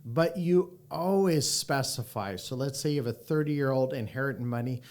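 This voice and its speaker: A man hosting a sales podcast, talking in an upbeat, energetic and joking way. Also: medium pitch, moderate pace. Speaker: podcast host, annuity sales coach. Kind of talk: casual podcast chat.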